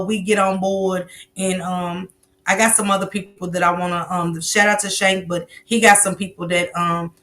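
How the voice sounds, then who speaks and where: A woman hosting a livestream interview, casually reading out viewer comments and giving shout-outs. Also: medium pitch. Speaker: livestream host.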